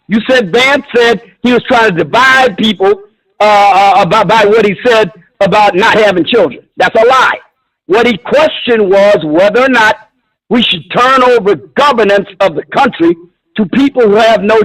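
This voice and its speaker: Guy with a really high voice calling in, blunt, swears a lot, picks fights. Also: fairly bright tone, poor audio. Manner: combative, profane, blunt. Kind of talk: heated call-in argument.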